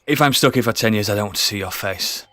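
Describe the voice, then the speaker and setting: A man's voice: fairly low pitch, fast, pushed and bright, dry recording. A man playing a sarcastic halfling prisoner. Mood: exasperated. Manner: sarcastic, swearing, exasperated.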